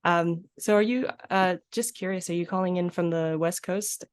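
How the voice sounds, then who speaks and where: A woman's voice: lowish voice, steady tone, moderate pace, clear, resonant tone, dry recording, clean studio sound. A woman interviewer asking questions in a friendly, chatty way, with fillers and little laughs. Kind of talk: casual interview over video call.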